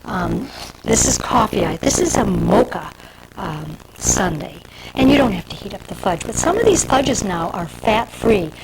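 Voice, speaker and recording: A woman's voice: mid-range voice, huge pitch swings, measured pace, creaky, noisy background. A woman from Michigan hosting a cooking show, demonstrating a dessert to camera in a chatty, homey way with asides to the viewer. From Michigan, USA.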